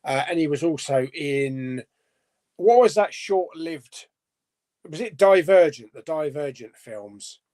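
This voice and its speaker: A man's voice: a little high, animated, takes it slowly, mellow. A man hosting a casual live chat, reading out viewer comments and musing aloud, laughing to himself as he goes. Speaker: host.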